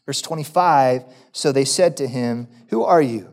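A man's voice: medium pitch, a little slow, darkish tone. A man preaching a sermon, reading scripture and asking the congregation rhetorical questions. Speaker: pastor.

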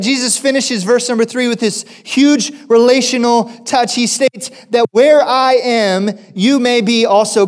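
Slow, high-voiced male preacher. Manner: deliberate preaching with rhetorical questions. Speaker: pastor. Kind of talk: sermon.

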